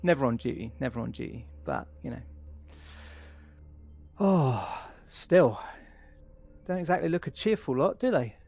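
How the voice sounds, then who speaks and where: A man's voice: medium pitch, big pitch swings, measured pace, creaky, a little mellow, pitched above the performer's own voice, full character voice. A man voicing a friendly, talkative male crew member with an upbeat, sociable manner. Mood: chatty.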